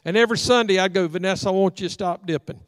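A man's voice: sits high, rapid-fire, no echo, big-room sound. A middle-aged man preaching a storytelling sermon in a church sanctuary, acting out the voices in his folksy stories. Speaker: pastor.

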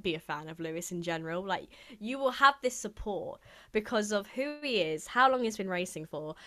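A young woman co-hosts a podcast in a medium-pitched, fairly bright voice. Bubbly and laughing often, she chats casually and fills her speech with lots of fillers.

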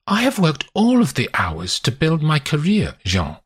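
A man's voice: on the high side, huge pitch swings, a little slow, slightly rough, voice pushed up, heavily acted. A man voicing a poised, proud woman lawyer who speaks in clipped lines that build to anger. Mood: angry.

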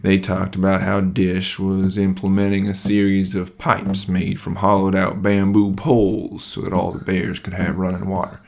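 Deep, gravelly folksy storyteller man. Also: darkish tone. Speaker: children's podcast host and storyteller. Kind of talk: storybook narration.

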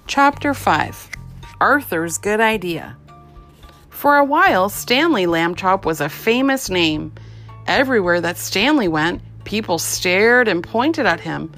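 Woman, children's audiobook narrator, expressive, lively, mid pitch, faint background music. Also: takes it slowly. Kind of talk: children's storybook reading.

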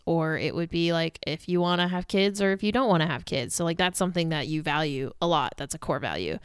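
A woman's voice: low voice, smooth, dry recording, clean studio sound. A woman co-hosting a casual discussion, asking follow-up questions and using "like" often. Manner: questioning, says "like" a lot.

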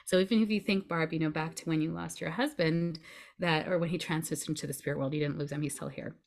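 A woman who is a grief coach appears as a podcast guest, explaining emotions earnestly and reassuringly in a conversational way and often checking in with her listener. Her deep voice is gravelly, with a steady tone, and she talks fast.

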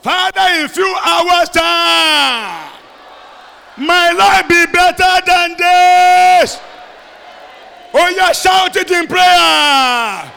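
A man leading a fiery sermon and prayer, alternating shouted prayer with quieter speech. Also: very high-pitched, drawn-out words, creaky, some chatter behind, slight background noise. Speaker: pastor. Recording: long hall reverb.

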